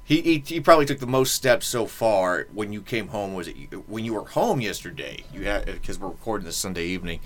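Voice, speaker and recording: A man's voice: lowish voice, animated, a little fast, hardly any pauses. A man hosting a podcast in casual chat, rambling and joking with many fillers. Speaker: podcast host.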